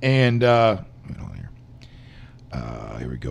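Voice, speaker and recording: A man's voice: medium pitch, huge pitch swings, measured pace, gravelly, pauses often, darkish tone, husky. A middle-aged man hosting a casual live stream, rambling and chatting with viewers in a tired, weak voice after a late night. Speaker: live show host. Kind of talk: casual livestream chat.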